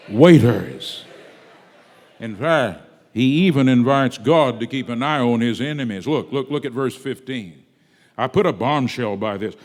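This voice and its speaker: A man preaching a sermon to a congregation, swinging between soft asides and loud, drawn-out emphatic words. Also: a little high. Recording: long reverb of a large hall.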